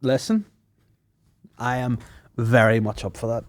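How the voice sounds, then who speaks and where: A man's voice: mid-range voice, steady tone, unhurried, no echo. A man with a Northern Irish accent, a podcast guest trading crude, laughing banter in casual chat.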